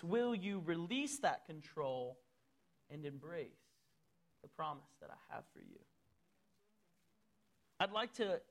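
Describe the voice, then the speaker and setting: A man preaching a sermon as pastor in a church, swinging between loud, rising appeals and soft, low asides.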